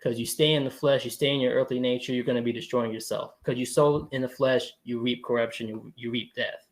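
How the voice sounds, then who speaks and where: A man's voice: medium pitch, fairly even intonation, a little fast. A young man as a podcast guest, talking in an earnest, thoughtful way with frequent chuckles. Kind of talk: reflective faith talk.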